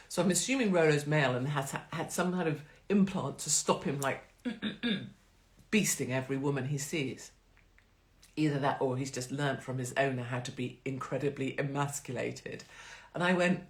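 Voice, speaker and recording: A woman's voice: extremely low pitch, moderate pace. A woman hosting a live stream in a blunt, profane, chatty and rambling way. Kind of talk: casual live-stream chat.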